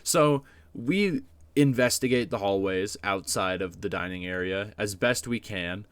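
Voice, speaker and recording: A man's voice: fairly low pitch, unhurried, smooth, no room sound. A man telling a personal story in a casual vlog, rambling with lots of fillers and swearing, self-deprecating. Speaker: YouTuber.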